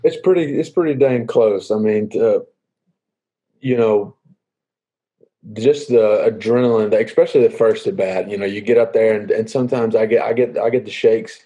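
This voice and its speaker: A young man answering interview questions in an easygoing, halting way with many fillers. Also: fairly low pitch, dark tone, slightly rough, muffled recording. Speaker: guest, professional baseball player.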